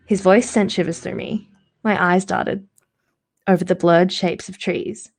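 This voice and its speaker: A woman's voice: mid-range voice, steady tone, moderate pace, a little mellow, slightly rough. A woman reading a novel aloud casually on a live stream, correcting her slips and adding short asides. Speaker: reader of novels.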